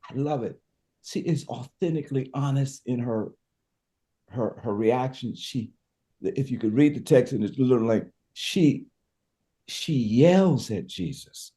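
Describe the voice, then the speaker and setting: A male pastor retells a Bible story with the fervor of a preacher, stacking repeated words as his point builds. His voice swoops up and down with feeling, and its tone stays warm and mellow. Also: on the high side. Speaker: pastor, guest. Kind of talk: impassioned preacher-style storytelling.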